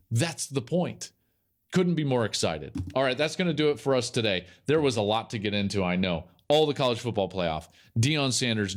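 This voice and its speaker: A man hosting a sports podcast, giving emphatic solo commentary and repeating key phrases for effect. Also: medium pitch. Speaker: podcast host and college football analyst.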